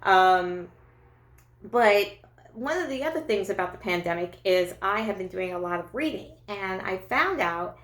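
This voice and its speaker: A woman comic talks through a loose stand-up set in a chatty, self-mocking way. She stumbles and restarts often, and her voice sits at an everyday middle pitch. It bounces around an echoey room. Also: a bit bright. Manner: chatty, self-deprecating, many fillers and restarts. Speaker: stand-up comedian. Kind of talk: stand-up comedy monologue.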